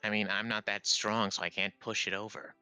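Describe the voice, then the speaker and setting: A man's voice: lowish voice, flat delivery, fairly quick, bright, forceful tone, clean tone, no echo, soft background music. A man playing a tabletop game, making wry dry remarks. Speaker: player.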